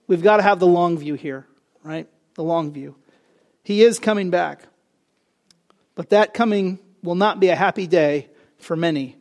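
A man preaching with a high, bright voice. He climbs in pitch and volume on key phrases, then eases into wry, conversational asides. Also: moderate pace, pauses often. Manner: animated preaching, rising loud on key phrases, joking asides. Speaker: pastor. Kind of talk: sermon.

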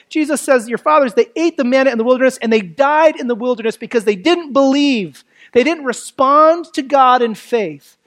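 A preacher giving a sermon that explains a Bible passage in a conversational way, asking rhetorical questions and swinging between emphatic lines and quiet, dropped phrases. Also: high voice, moderate pace.

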